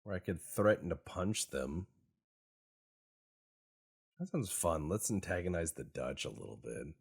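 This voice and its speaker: A man with a very low, husky voice talks through a strategy game in a wry, sarcastic, meandering way. He speaks slowly, and his pitch swings widely as he jokes. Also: lively intonation. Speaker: gaming YouTuber. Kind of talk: casual gameplay commentary.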